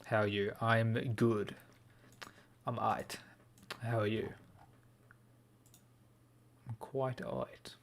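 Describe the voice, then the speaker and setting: A man's voice: lowish voice, fairly even intonation, very slow, vocal fry, long pauses. Laid-back Australian guy streaming. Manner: laid-back, rambling, lots of fillers. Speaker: anime streamer. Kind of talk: casual livestream chat.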